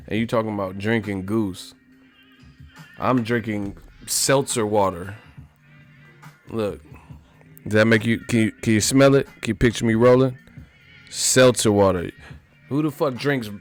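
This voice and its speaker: A man hosting a live stream, chatting casually with his viewers in a joking, profane way and laughing often. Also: medium pitch. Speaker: live stream host reading chat. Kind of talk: casual chat.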